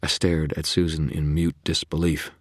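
A man's voice: rumbling low, little pitch movement, normal speed, no echo, studio quality. A man narrating a novel in first person, in a wry, clipped, tense manner. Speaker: audiobook narrator.

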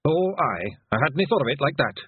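A tiny, fierce pixie warrior chief with a broad Scottish accent, as a man puts him on. He bellows his lines high, loud and gruff through a husky throat. The sound is thin and phone-like. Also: very animated, normal speed, no room sound, full character voice. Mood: gruff bravado.

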